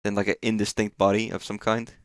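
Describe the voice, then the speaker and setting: A man's voice: fairly low pitch, little pitch movement, fast, clean tone, no echo, studio quality. A man streaming a game live, chatting casually in a rambling way, swearing often and full of fillers. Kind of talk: casual live gameplay chat.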